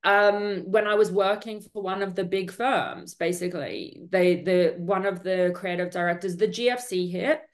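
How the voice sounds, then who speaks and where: A woman's voice: mid-range voice, steady tone, normal speed, few pauses. A woman guest telling her story in an interview, in an earnest, talkative way with many fillers. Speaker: entrepreneur guest.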